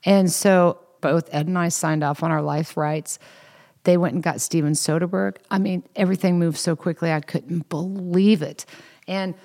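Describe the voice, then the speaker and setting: Low-voiced woman telling lively stories. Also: moderate pace. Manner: lively anecdotes with quoted voices and laughter. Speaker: interview guest. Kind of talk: casual storytelling.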